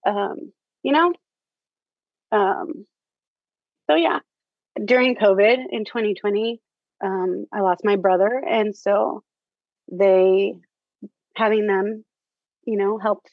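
Woman guest, casual and halting, lots of ums, dry dull-sounding recording. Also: medium pitch, steady tone, vocal fry, dry recording. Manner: halting, many fillers, laughs often. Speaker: theater teacher, interview guest. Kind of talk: casual interview chat.

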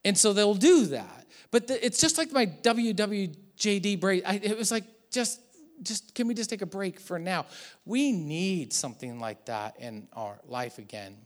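Male pastor preaching, animated with playful acted asides; sits a bit high. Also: normal speed. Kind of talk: sermon.

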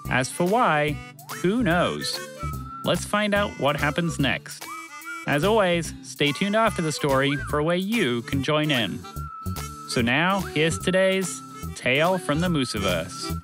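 A man narrating a children's story in an animated, expressive reading. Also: a little high, takes it slowly, music in the background.

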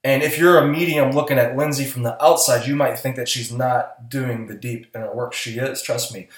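A man's voice: mid-range voice, steady tone, moderate pace. Earnest male podcast co-host, roomy sound. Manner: earnest, coaching, blunt with swearing. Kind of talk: casual podcast chat.

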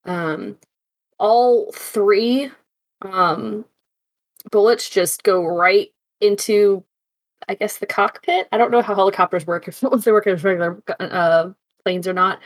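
A woman playing in a tabletop game, rambling and filling pauses as she describes the action. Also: mid-range voice. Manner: rambling, full of fillers. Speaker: player. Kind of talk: casual tabletop game chat.

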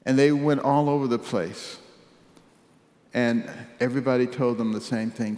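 A man in his seventies from Detroit telling his life story in a measured, wry way, his voice dropping softly at serious moments. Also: medium pitch, steady tone. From Detroit, United States. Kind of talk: personal storytelling speech. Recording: echoey hall with long reverb.

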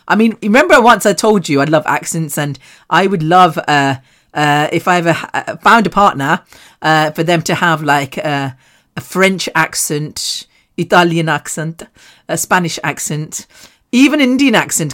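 A woman's voice: low-pitched, animated, moderate pace, a bit bright. A British woman hosting her own podcast, talking to listeners in a candid, rambling, self-mocking way with casual swearing. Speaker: podcast host. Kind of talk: candid solo podcast monologue.

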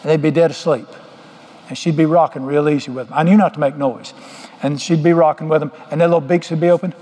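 A man's voice: fairly high pitch, fairly even intonation, fast, mellow. A middle-aged man preaching a sermon, folksy and joking as he tells stories. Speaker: pastor. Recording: long hall reverb.

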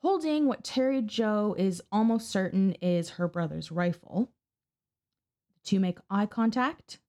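With a mid-range, dark voice that's a little slow but lively in intonation, a woman co-hosting a podcast narrates a true-crime story. She keeps it casual and chatty, swears openly, and impersonates the people she quotes.

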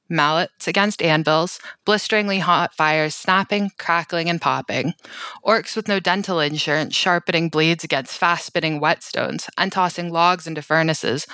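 A woman's voice: lowish voice, bright, forceful tone, no echo. A woman reading a sarcastic, theatrical recap with a wry comic edge. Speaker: podcast co-host. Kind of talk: comedic scripted recap narration.

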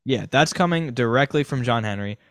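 A man's voice: mid-range voice, expressive, a little fast, no room sound. Rambling man on a dry mic. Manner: rambling, speculative, many fillers and restarts. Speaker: podcast co-host. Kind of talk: casual sports chat.

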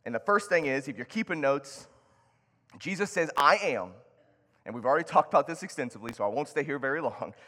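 A man's voice: mid-range voice, lively intonation, a little fast, pushed and bright. A man giving a sermon as pastor, talking in a conversational way with restarts and reading Scripture aloud. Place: church sanctuary. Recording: long hall reverb.

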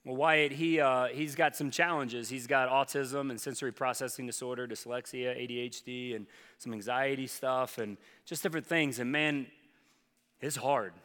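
A man in his thirties, a pastor preaching a sermon in an earnest, conversational way that often drops soft and low. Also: steady tone, normal speed. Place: church auditorium. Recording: long reverb of a large hall with faint music.

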